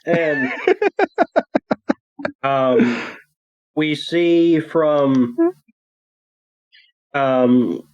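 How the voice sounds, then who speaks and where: A man co-hosting a podcast, telling a casual, relaxed recap of a cartoon episode with filler words. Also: fairly high pitch, very slow, long pauses, dull audio. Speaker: podcast co-host.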